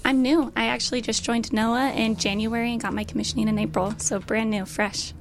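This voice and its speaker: A young woman, hoarse from losing her voice, answering interview questions in an upbeat way and laughing often. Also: on the high side, fairly even intonation, brisk, slight background noise. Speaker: guest pilot. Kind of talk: casual interview chat.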